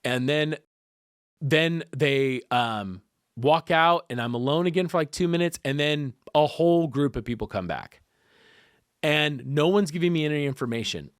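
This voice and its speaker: A man telling a personal story in a casual podcast conversation, animated and acting out the voices of the people involved. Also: fairly high pitch, normal speed, smooth, dry recording, studio quality. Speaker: guest.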